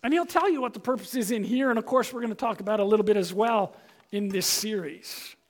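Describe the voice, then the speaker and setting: A man's voice: sits high, fast talker. A man preaching a sermon as pastor, emphatic and direct, speaking straight to his congregation with one rhetorical question after another.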